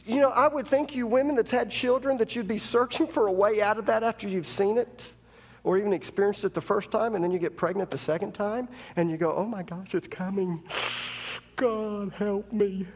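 A man's voice: sits high, fairly quick, big-room sound, slight background noise. A man preaching a sermon as pastor, talking conversationally while teaching and rising to emphatic preaching. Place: church.

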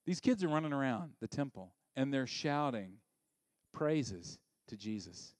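Animated man preaching a sermon. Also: medium pitch, unhurried, no room sound. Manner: animated, dropping to a hushed near-whisper for emphasis. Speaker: pastor.

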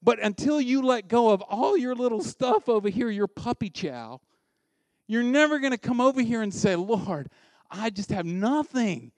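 A middle-aged American pastor preaching a sermon in a lively, conversational way and acting out voices. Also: male voice, very high voice, normal speed, no room sound. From United States.

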